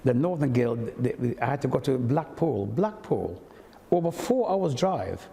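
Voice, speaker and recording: A man's voice: mid-range voice, moderate pace, gravelly, long reverb tail. An older man from Montserrat, a toastmaster telling stories and acting out the voices of the people in them. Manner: animated storyteller who acts out quoted speech. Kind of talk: anecdotal storytelling.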